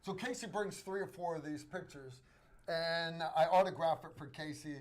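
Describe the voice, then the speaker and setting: Host, male, American, slightly high voice, halting casual storyteller. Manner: rambling, halting storyteller with many restarts.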